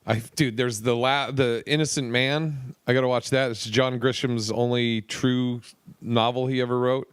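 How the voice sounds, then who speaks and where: Rambling man on a podcast, smooth voice. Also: medium pitch, steady tone, moderate pace, no room sound, studio quality. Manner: rambling with many fillers and profanity. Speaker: podcast co-host. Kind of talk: casual chat.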